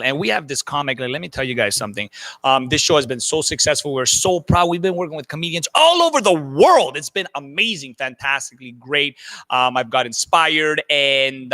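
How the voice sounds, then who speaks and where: Bright, hyped male show host. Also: a little high, no room sound. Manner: playful, rambling host patter.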